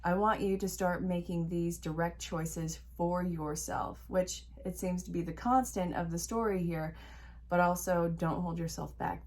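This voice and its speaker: A woman's voice: on the low side, gravelly, darkish tone, a little hiss or hum. A woman reading tarot cards for her viewers as a life coach, chatty and encouraging, repeating her points with emphasis. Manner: chatty, talks to the viewer and to spirit while drawing cards. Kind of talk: casual tarot reading to camera.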